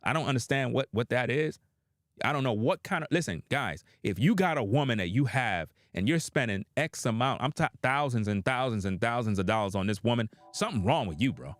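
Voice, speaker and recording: A man's voice: mid-range voice, expressive, a little fast, dry recording, clean studio sound. A man giving opinionated reaction commentary, blunt and profane, addressing his viewers directly.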